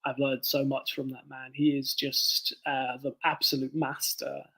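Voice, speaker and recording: A man's voice: mid-range voice, level tone, measured pace, vocal fry, pushed and bright. A man from the south of England with a southern English accent, an author chatting as an interview guest, thoughtful and articulate. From Bournemouth, southern England. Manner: articulate, thoughtful, easy laugh. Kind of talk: casual interview chat.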